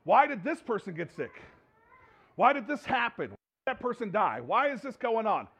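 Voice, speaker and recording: A man's voice: sits high, very animated, normal speed, fairly bright tone, breathy edge. A man preaching a sermon to his congregation in a conversational way, often repeating and restarting his words. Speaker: pastor. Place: church sanctuary with congregation.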